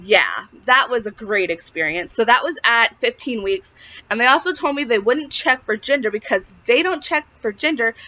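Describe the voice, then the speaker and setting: A young woman telling a personal story to camera in a casual, chatty way, filling her talk with "like". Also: a little high. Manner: chatty, peppered with "like", animated retelling. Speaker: vlogger sharing a pregnancy update. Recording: dull lo-fi audio.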